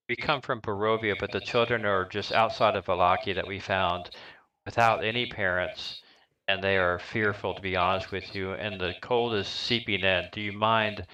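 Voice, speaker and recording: A man's voice: low-pitched, bright, forceful tone, lo-fi sound. A man voicing a courteous young woman companion who earnestly pleads for shelter for two children.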